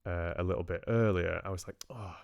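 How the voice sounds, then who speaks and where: A man's voice: low voice, fairly even intonation, fast talker, gravelly, darkish tone, clear, resonant tone, no echo, studio quality. A male audiobook narrator hosting a live stream, chatting casually with viewers in a rambling, hesitant way and often restarting his sentences.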